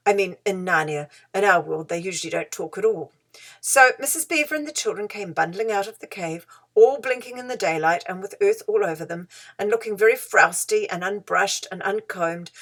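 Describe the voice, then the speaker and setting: A woman narrating a children's storybook with gentle, expressive storytelling. Her voice sits at an ordinary pitch and she shapes the sentences with care. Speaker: audiobook reader.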